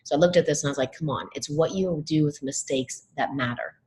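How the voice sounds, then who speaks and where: Low-pitched woman, middle-aged, animated storyteller talking to teachers. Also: brisk, poor audio. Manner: animated storytelling, acts out quoted students. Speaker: education speaker. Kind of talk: motivational talk to educators.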